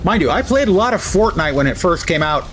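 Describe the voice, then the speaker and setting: A man's voice: high-pitched, expressive, a little fast, fairly bright tone. An older man streaming a casual, blunt and dismissive reaction to a game showcase. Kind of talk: casual live reaction commentary.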